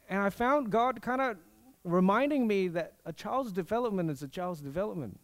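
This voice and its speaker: A young man preaching a sermon, telling a personal story with animated delivery and acted-out quotes. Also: high voice, fairly quick.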